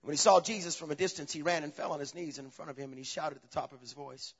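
A man preaching a sermon as pastor, swinging between loud, animated passages and low, quiet asides. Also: fast, breathy edge. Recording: dull, long reverb of a large hall.

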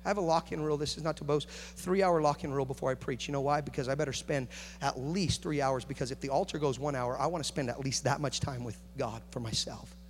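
A man's voice: medium pitch, fast talker, hardly any pauses. Preaching man in an echoey hall. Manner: builds from hushed to shouting intensity. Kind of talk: sermon. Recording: echoey hall with faint hum.

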